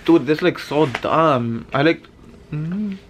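A man's voice: on the high side, animated, takes it slowly, slight background noise. A young man co-hosting a couple's vlog, talking casually in an exasperated, joking way. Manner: exasperated, grumbling, jokey. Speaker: vlog co-host.

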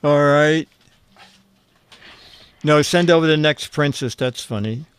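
A male host reading viewer jokes on a casual streamed show, slow and fumbling as he hunts through his papers and chuckles along. His voice sits a bit high for a man and he takes his time. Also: clean tone.

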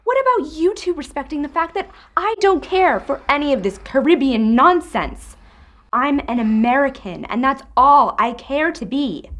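Rebellious daughter, twenties woman, high-pitched, fed up. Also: fairly bright tone, full character voice. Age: 20s. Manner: defiant, exasperated. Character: defiant young American daughter.

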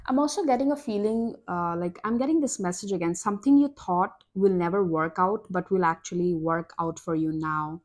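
A young woman giving a collective tarot reading, talking to viewers in an excitable way that is full of exclamations. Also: medium pitch. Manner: excitable, exclaiming, breathy gasps and laughs. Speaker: tarot reader.

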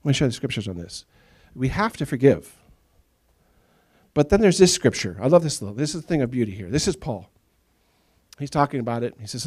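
A middle-aged pastor delivers a sermon to his congregation. His mid-pitched voice rises and falls widely. He slips into the voices of the people in his stories. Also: fast, breathy edge. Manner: animated storytelling, acts out quoted voices. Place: church sanctuary.

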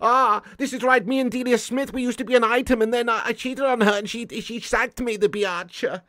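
A man putting on an excitable German football manager with a high voice and a thick put-on German accent. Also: normal speed, dry recording, clean studio sound. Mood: boastful.

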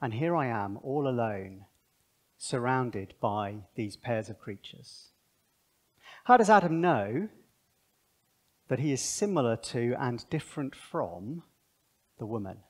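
Animated man teaching a Bible seminar. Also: mid-range voice, slow pace, pauses often. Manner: animated, thinks aloud with asides. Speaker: seminar speaker.

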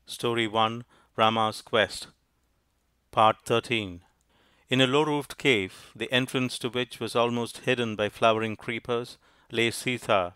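A man narrating a storybook in a measured, even reading. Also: mid-range voice, clean tone, dry recording. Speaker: audiobook narrator.

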